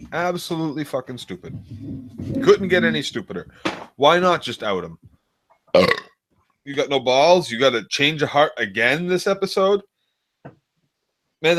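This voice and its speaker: A man's voice: mid-range voice, fairly bright tone. A man talking as a guest commentator on a show, in a heated, sarcastic rant full of swearing. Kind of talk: profane ranting commentary.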